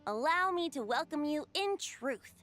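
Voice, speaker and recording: A woman's voice: high voice, expressive, a little slow, fairly bright tone, soft background music. A woman voicing a playful young male bard who is a wind god, speaking as a lilting, teasing storyteller in a video game. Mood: solemn.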